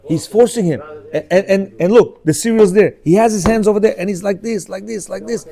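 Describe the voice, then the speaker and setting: A man's voice: high voice, fairly quick, creaky. A man in his fifties teaching an informal religious class, telling stories and acting out the dialogue. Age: 50s. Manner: animated storyteller, acts out dialogue in changing voices; asks listeners rhetorical questions.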